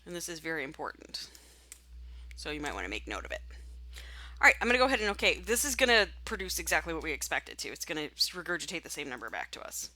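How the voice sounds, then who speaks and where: A woman teaching statistics by talking through a software tutorial, chatty and thinking aloud as she clicks. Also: low-pitched, big pitch swings, fast talker, no echo. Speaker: statistics instructor. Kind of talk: screen-recorded software tutorial.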